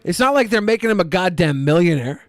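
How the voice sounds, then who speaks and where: A man co-hosting a podcast in casual chat, blunt and quick to swear, often repeating words as he starts a thought. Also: high-pitched, lively intonation, no room sound. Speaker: podcast co-host.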